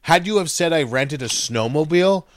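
A man's voice: on the high side, expressive, normal speed, dry recording, clean studio sound. A man co-hosting a podcast in casual chat, with crude, profane banter. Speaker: podcast co-host.

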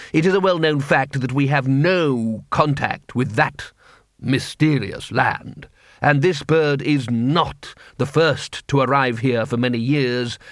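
A man's voice: mid-range voice, no room sound, clean studio sound, natural voice. A man voicing a cool, cunning city ruler who speaks in precise, dryly ironic sentences.

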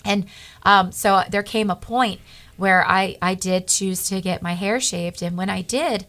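A middle-aged woman, a guest on a Christian talk show, telling a personal testimony in an earnest, animated way and acting out the dialogue. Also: medium pitch, unhurried.

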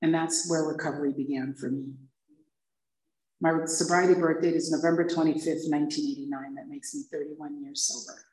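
A woman's voice: sits low, brisk, slight background noise. A woman in her fifties from Hawaii, sharing her recovery story with a group and acting out the dialogue as she tells it. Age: 50s. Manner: lively storyteller acting out dialogue, laughing often. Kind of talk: personal testimony to a group. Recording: echoey room, far from the mic.

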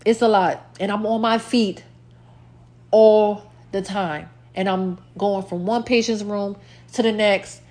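A woman's voice: medium pitch, fairly even intonation, slow, a little mellow. A woman hosting her own podcast in a rambling, casual solo chat, with lots of fillers and repeated lines, her mouth a little dry. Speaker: podcast host.

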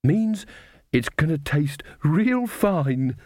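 A bustling, good-natured woman cook, put on by a man reading aloud in a storybook. She talks in a raised, lively voice with eager, anxious questions. The sound is dry and close. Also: a little high, very slow, dry recording, pitched above the performer's own voice, exaggerated voice.

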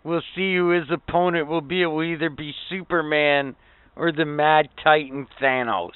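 Man making quick podcast segues. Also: fairly high pitch, steady tone, smooth, no echo. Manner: brief reactions and show segues. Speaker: podcast host. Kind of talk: casual chat. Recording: dry, phone-like sound.

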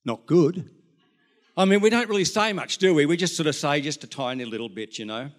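An older Australian pastor delivers a sermon in church, spinning folksy stories and tossing asides to the congregation. He talks fast, his voice sits on the high side, and his pitch swings widely.

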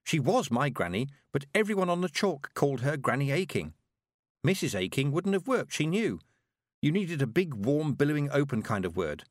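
A man's voice: fairly high pitch, big pitch swings, normal speed, no room sound, studio quality, voice pushed up. Male reader plays a young girl witch apprentice: earnest, questioning. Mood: wistful.

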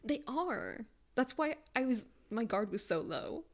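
A woman's voice: a little high, very animated, a little slow. A young woman in her twenties, co-hosting a podcast and telling a story in casual, profane chat. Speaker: podcast co-host.

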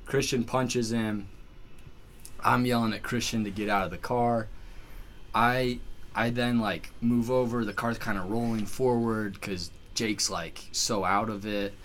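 A man's voice: lowish voice, measured pace, slight background noise. A man telling a story in casual chat, full of "like"s and restarts. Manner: animated, filler-heavy storytelling with many "like"s. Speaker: podcast guest telling a story.

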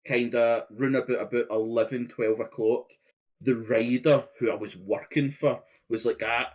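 A British man co-hosting a podcast, telling a halting, rambling story with lots of restarts. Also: mid-range voice, steady tone, darkish tone. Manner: rambling, halting, laughing anecdotes. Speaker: podcast co-host. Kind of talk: casual podcast chat.

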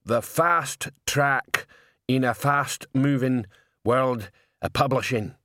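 A man playing slow simple troll guard. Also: mid-range voice, pushed and bright, dry recording, studio quality. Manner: slow, plodding. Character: huge young male troll bouncer, slow and simple.

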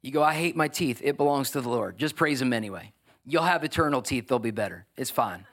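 A man preaching a sermon, building to emphatic, energetic exhortation. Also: mid-range voice, brisk. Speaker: pastor.

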